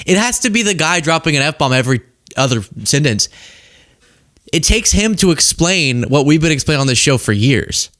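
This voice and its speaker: A young man talks politics in a casual, joking way, often cracking himself up. His pitch sits a bit high and swings widely. The sound is close and dry, with no room around it. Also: normal speed, no room sound. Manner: animated, jokey, laughs at own rhymes. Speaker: political commentary host.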